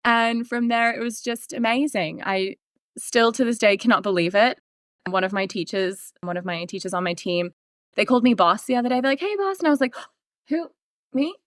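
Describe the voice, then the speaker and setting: A woman in her thirties tells her story as a podcast guest, bright and animated. Her voice sits a little high, and she laughs often and plays out her past remarks. The sound is dry and close. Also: moderate pace, no echo. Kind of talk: storytelling in a casual interview.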